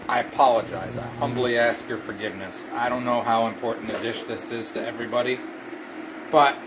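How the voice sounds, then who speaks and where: A man's voice: mid-range voice, noisy background. A middle-aged man hosting a casual cooking vlog, chatty and folksy, poking fun at himself. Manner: chatty, folksy, self-deprecating. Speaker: cooking vlogger.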